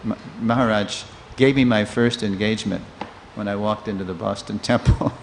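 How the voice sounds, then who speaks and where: A man in his sixties giving a storytelling scripture class in a temple, a lively teller who acts out the people he quotes. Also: fairly low pitch, normal speed, creaky. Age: 60s. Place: temple hall. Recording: long reverb of a hall, faint noise.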